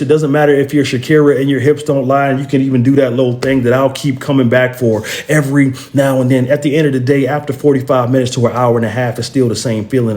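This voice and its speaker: A man delivers a motivational talk with a preacher's insistence, speaking straight to his listeners. His voice sits fairly high for a man. He hammers phrases again and again, tripping into stammered restarts, and the room around him rings with echo. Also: darkish tone. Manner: addresses listeners directly and bluntly.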